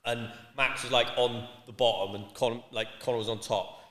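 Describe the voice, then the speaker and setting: Man, from Wales, podcast co-host, casual banter, bright tone, echoey room with long reverb. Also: mid-range voice, normal speed. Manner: sweary, animated storytelling.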